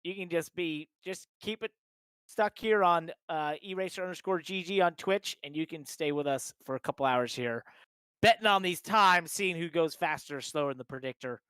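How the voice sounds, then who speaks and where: A man hosting a live racing stream, pitched a touch high with a smooth, polished tone. He calls each lap with mounting excitement and keeps repeating his favorite hype phrases. The sound is dry and close, with no room around it. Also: moderate pace, dry recording. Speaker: sim racing broadcast host. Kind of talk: live race commentary.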